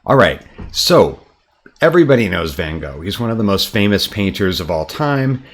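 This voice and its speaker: Low-voiced American man explaining art. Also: moderate pace. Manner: relaxed and chatty, with frequent ums and uhs. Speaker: artist and art teacher. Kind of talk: casual explanatory talk to camera. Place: his art studio, indoors.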